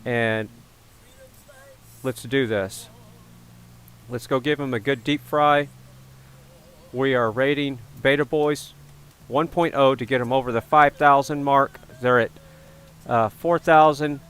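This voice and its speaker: A man's voice: medium pitch, steady tone, slow pace, long pauses, a bit bright, clear, resonant tone. A man hosting a casual livestream, chatting with viewers and joking at his own expense about his ego. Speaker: livestream host.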